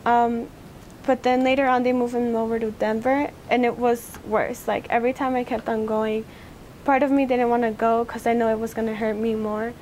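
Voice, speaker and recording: A teenage girl speaks in a fairly high voice that stays level and even, with little rise or fall. She recounts a personal memory for an oral history interview in a halting way. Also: a little hiss or hum. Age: teens.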